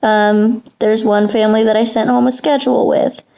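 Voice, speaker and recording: Chatty young woman teacher, higher voice. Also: flat delivery, normal speed, gravelly, dark tone. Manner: chatty, hesitant, full of fillers. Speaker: preschool teacher. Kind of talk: casual vlog chat. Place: her apartment.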